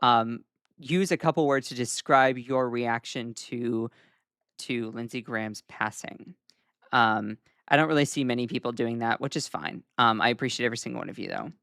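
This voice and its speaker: A Southern-accented man talks through the news on a livestream. His tone is casual and wry, and he often pauses on "um." His voice sits at a medium pitch and sounds close and dry, with no room echo. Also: vocal fry, fairly bright tone, clean tone. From Southern United States. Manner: casual, chatty, frequent "um" fillers, wry asides. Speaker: host.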